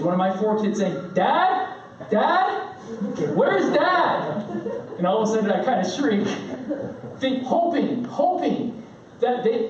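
A pastor in his thirties preaches a sermon, telling family stories in a lively, animated way and playfully acting out his kids' shouts. His voice sits high. The recording sounds roomy, distant and dull, with faint room noise.

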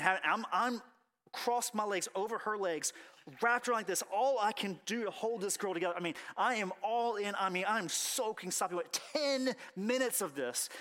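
A man in his thirties preaching a sermon, telling a personal story with acted-out quotes and swinging from hushed to loud. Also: high voice. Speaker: pastor.

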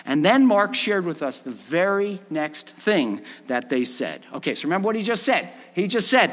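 A male pastor preaching with animated storytelling. His voice sits high and swoops widely as he acts out the dialogue. A long reverb from the hall follows his words. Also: normal speed, hardly any pauses. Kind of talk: sermon.

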